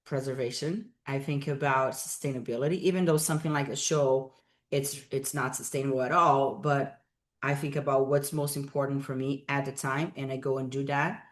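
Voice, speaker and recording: Low-voiced woman chatting on a livestream. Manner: chatty, rambling, greets viewers by name. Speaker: fitness coach and bodybuilding competitor. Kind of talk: casual livestream chat with viewers. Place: at home, with cats nearby. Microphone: laptop or webcam on a video call.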